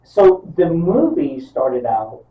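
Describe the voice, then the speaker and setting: A man's voice: a little high, slow, recorded from a distance. A man co-hosting a podcast in casual chat, swearing a lot and acting out movie scenes as he retells them. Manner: profane, animated, acts out movie scenes. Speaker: podcast co-host. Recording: roomy, off-mic, dull sound.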